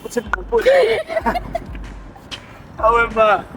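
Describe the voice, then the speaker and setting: High-voiced South African man hosting. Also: huge pitch swings, slow, background noise. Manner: playful, teasing, hypes up contestants. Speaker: host of a street challenge show. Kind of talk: casual street challenge hosting. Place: outdoors on a city street. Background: music playing.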